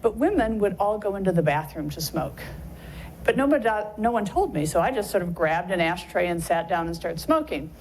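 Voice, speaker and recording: A woman's voice: lowish voice, sing-song, a little fast, a little mellow, a little hiss or hum, rough recording. A woman in her sixties giving a casual, rambling lecture talk, chatty and full of fillers. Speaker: guest speaker.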